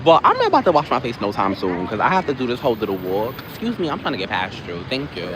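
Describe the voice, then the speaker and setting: A man chatting casually on a live stream while walking outdoors, rambling from one topic to the next with quick asides. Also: medium pitch, huge pitch swings. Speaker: livestream host. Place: outdoors on a busy city street. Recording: noisy street with passing traffic.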